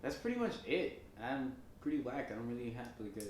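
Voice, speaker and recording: A young man co-hosting a casual podcast, laughing a lot and firing off quick reactions. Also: big pitch swings, very echoey, a crowd in the background. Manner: laughs a lot, quick reactions, low-key when plugging. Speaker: podcast co-host. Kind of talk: casual chat.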